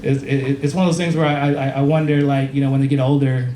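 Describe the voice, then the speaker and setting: A man's voice: medium pitch, level tone, fast, recorded from a distance. A man in his thirties doing a stand-up comedy set on a club stage, rambling and crude in a conversational way. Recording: echoey club, heard from afar, loud crowd.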